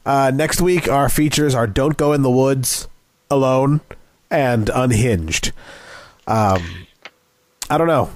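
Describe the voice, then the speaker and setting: A man's voice: medium pitch, slow, long pauses, a little mellow, slight background noise. A man co-hosting a film podcast, giving a dry, sarcastic wrap-up in casual chat. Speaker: podcast co-host.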